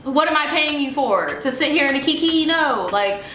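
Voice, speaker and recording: A young woman telling a storytime vlog in a sassy, profane, animated way, in an echoey room with faint music. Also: high-pitched, normal speed. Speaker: vlogger.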